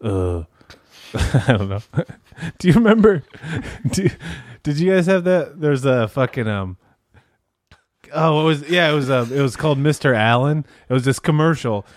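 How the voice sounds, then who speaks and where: Male co-host, casual crude banter, bouncy lively delivery, dry close sound. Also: mid-range voice, measured pace, dry recording. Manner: animated, swears freely, mimics voices. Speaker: podcast co-host. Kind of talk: casual chat.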